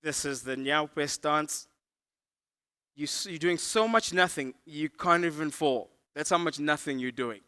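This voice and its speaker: A man's voice: fairly high pitch, a little slow, bright, forceful tone, clear, resonant tone. A man hosting an awards event, telling stand-up jokes in a playful, teasing way. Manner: playful, teasing, exaggerated storytelling. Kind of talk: stand-up comedy.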